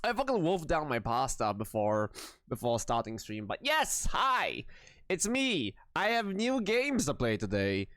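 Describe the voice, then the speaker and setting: A man's voice: fairly high pitch, wildly swooping pitch, a little slow, fairly bright tone, dry recording, clean studio sound. Tired, giggly young streamer guy. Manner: swears freely, giggly, self-mocking, rambling. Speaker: live streamer. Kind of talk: casual chat with viewers.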